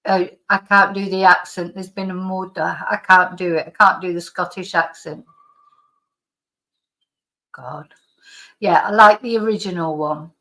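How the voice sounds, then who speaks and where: A woman's voice: fairly low pitch, steady tone, measured pace, long pauses, pushed and bright. A middle-aged woman with a slight lingering cough, hosting a live stream in rambling, casual chat as she reads out viewer comments. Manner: rambling, chatty, with frequent restarts and laughs.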